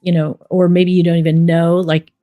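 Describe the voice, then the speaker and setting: A middle-aged woman, a documentary director, telling stories in a relaxed interview, rambling with many fillers. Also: lowish voice, moderate pace. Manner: rambling storyteller, many fillers like "you know". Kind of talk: casual interview talk.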